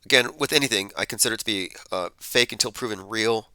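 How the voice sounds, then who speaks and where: Male commentary host, casual and skeptical, lowish voice, crisp and bright. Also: quick pace, no room sound. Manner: skeptical, conversational, thinks aloud with fillers. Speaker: podcast host. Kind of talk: casual commentary reading tweets and headlines.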